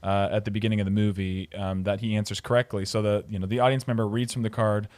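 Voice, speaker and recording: A man's voice: on the low side, little pitch movement, fast, a little mellow, dry recording. A man hosting a film podcast, explaining his thoughts at length in a casual, articulate way. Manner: articulate, explanatory, some fillers. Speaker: podcast host.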